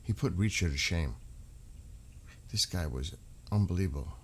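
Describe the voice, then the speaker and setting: Deep-voiced man, halting and emotional. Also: animated, husky. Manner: halting, emotional, restarts often. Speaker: streamer. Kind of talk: casual live-stream talk.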